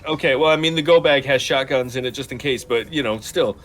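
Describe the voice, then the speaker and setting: A man's voice: medium pitch, brisk. A man playing in a tabletop game, talking in character in a flustered, stammering way. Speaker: player.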